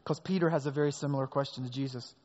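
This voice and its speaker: A man's voice: mid-range voice, fairly even intonation, rapid-fire, a little mellow. A man preaching a sermon as pastor, leaning hard on key words, recorded in a large hall with a long echo and a dull sound.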